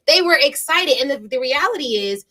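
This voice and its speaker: A woman's voice: high voice, animated, moderate pace, sharp tone, poor audio. A woman hosting a podcast interview, speaking emphatically in a coaching tone. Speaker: podcast host.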